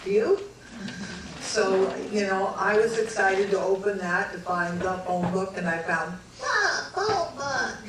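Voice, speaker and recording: A middle-aged woman from California telling her own story to an audience, animated, acting out the voices of the people she quotes and laughing along the way. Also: medium pitch, a little slow, heavy background noise. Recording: echoey hall, mic from a distance.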